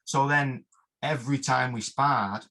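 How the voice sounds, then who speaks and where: A man's voice: mid-range voice, fairly even intonation, a little slow, pushed and bright. A man, a martial arts instructor, rambling through interview anecdotes with plenty of fillers and mild oaths. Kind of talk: interview storytelling.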